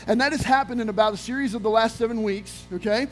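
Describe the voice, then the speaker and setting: Male pastor, very high voice, energetic storytelling sermon, faint music behind. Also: fast, rough recording. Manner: energetic storytelling with acted-out quotes. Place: church sanctuary.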